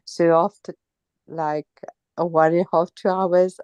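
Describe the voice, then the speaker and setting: Halting low-voiced woman with a cold. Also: little pitch movement, a little mellow, clear, resonant tone, no echo, dull audio. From Mauritius. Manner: halting, many pauses and restarts. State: has a cold and sore throat. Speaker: interviewee, temple visitor. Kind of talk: casual personal account.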